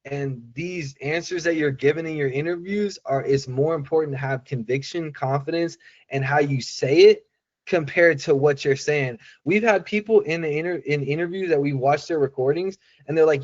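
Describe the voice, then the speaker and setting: A man's voice: on the high side, moderate pace. Guy coaching sales folks on a call, rambly w lots of "you know", kinda dull muffled audio. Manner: loose, repetitive, acts out quoted voices. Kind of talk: casual coaching talk on a call.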